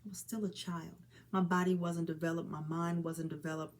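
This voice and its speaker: Pleading for people to help each other, a mother in her 40s gives a heartfelt direct-to-camera talk on suicide awareness, calling listeners honey and child. She speaks fairly quickly in a lowish, slightly mellow voice with little pitch movement.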